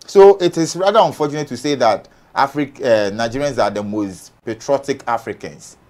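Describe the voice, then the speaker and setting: A man's voice: mid-range voice, normal speed. A man from Ghana on an entertainment panel, arguing heatedly and firing off rhetorical questions. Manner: forceful, argumentative, rhetorical questions.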